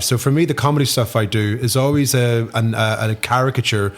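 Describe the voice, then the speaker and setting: An Irish man chatting as a podcast guest, animated and swearing freely, dropping into quick impressions. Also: mid-range voice. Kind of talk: casual chat.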